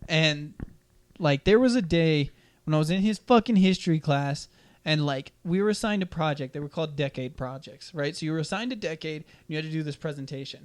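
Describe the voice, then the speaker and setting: Young dude on a podcast, kinda high voice, swearing a ton, loud when he acts out what people said. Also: brisk. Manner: animated, profane, acts out quotes loudly. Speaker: podcast host. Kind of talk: casual storytelling chat.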